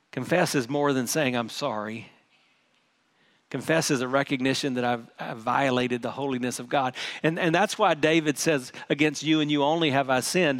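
A middle-aged man preaching a sermon as pastor. He speaks earnestly, often repeats his words, and drops to a soft, prayerful tone at times. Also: mid-range voice.

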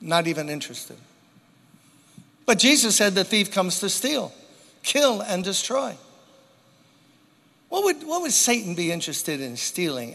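A man preaching a sermon to a church congregation, with dramatic pauses and emphatic repetition. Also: high voice, big pitch swings, gravelly, pushed and bright. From New York. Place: church sanctuary. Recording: long hall reverb.

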